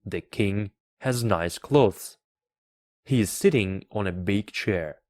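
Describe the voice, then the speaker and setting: Slow, careful male reader. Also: fairly low pitch, darkish tone, no room sound. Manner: careful, deliberate reading. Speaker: English teacher reading a book. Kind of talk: slow read-aloud for learners.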